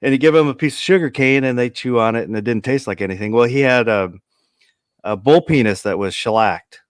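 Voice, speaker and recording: Man, mid pitch, dry close sound, matter-of-fact anecdote. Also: brisk, clean tone, dry recording. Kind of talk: casual storytelling chat.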